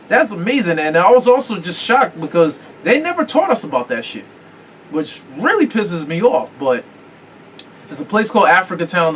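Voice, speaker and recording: A man's voice: a little high, fairly bright tone. Rambling, cursing podcast host man. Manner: rambling, profane, searches for words. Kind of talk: casual podcast chat. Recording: distant mic with faint room noise.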